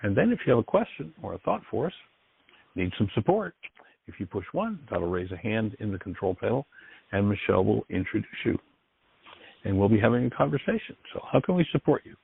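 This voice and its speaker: A man's voice: on the low side, sing-song, a little fast, vocal fry, husky. A man hosting a call-in radio show, talking in an earnest, encouraging and reflective way. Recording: dry, tinny phone-like line.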